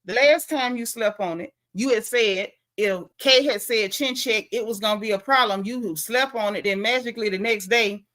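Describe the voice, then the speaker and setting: A woman's voice: a little high, moderate pace, hardly any pauses, fairly bright tone. A woman recapping a reality show in casual, gossipy chat, acting out what the cast said.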